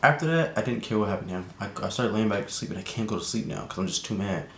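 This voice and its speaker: A young man telling a casual storytime vlog, slangy and animated, with lots of fillers. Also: rapid-fire, creaky. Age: young adult. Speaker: vlogger. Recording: echoey room with faint rumble.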